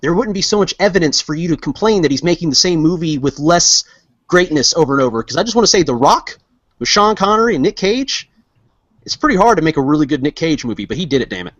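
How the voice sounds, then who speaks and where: A man's voice: a little high, very animated, fast talker, a bit bright, no echo. A man co-hosting a casual podcast, joking and teasing his friends, rambling with lots of fillers. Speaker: podcast co-host. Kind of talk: casual banter among friends. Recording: dull lo-fi sound, dry.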